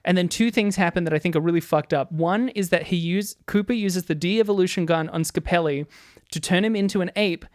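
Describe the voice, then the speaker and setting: A young woman co-hosting a podcast, talking fast and acting out scenes in casual chat. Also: on the low side, no echo, clean studio sound. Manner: rapid, animated, acting out scenes. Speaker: podcast co-host.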